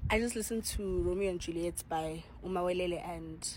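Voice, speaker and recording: A woman with a South African accent, reacting in a vlog with excited exclamations, swearing and repeated, earnest pleading. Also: lowish voice, brisk, slight background noise, low-quality recording. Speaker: reaction vlogger. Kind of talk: emotional reaction and pleading to camera.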